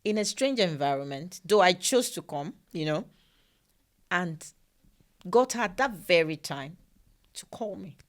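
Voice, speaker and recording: Nigerian woman, podcast cohost, lowish voice, earnest, repeats herself to drive the point home. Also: lively intonation, unhurried, pauses often. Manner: earnest storytelling, repeats phrases for emphasis. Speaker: podcast co-host. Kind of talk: casual chat.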